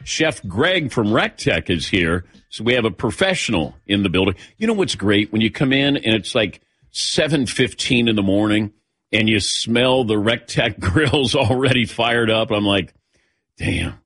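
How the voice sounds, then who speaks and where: A man hosting a sports radio show, chatting casually with his crew and cracking quick jokes. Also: on the low side, husky. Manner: wisecracking, lively, quick asides. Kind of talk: casual morning radio chat. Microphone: studio microphone.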